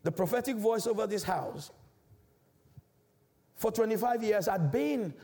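A man's voice: a little slow, vocal fry, dark tone. A man from Africa preaching a sermon as a church elder, emphatic and declamatory, in a large church. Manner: emphatic, declamatory preaching with big swells in pitch.

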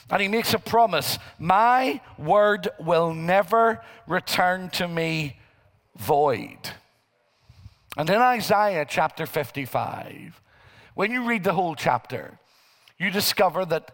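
Guy preaching a slow deliberate sermon, high voice, big echoey church hall. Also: fairly bright tone. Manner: preaching slowly, rising into emphatic quoted scripture. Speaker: pastor. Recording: church hall with long reverb.

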